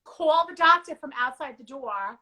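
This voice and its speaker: Brief: woman host, bright and fairly high-pitched, chatty and animated, voice just recovering from strep throat, casual livestream on a video call. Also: normal speed, rough recording.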